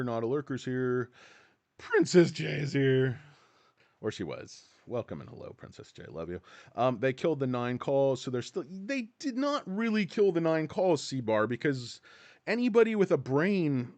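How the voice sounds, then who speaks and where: A man's voice: mid-range voice, no room sound. A man hosting a casual livestream, rambling and a bit profane as he greets viewers by name. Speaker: livestream host. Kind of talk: casual live-stream chat.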